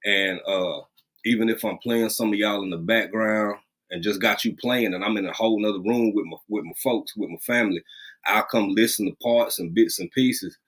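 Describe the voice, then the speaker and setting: A man hosting a casual livestream from a rural home, greeting viewers by name and talking in a lively, drawling way, repeating phrases. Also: on the low side, moderate pace. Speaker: livestream host.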